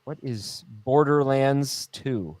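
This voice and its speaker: A man's voice: mid-range voice, slow, darkish tone, no echo. Jokey man hosting a sports podcast. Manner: jokey, laughing, reads listener emails aloud. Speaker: podcast host. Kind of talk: casual sports chat.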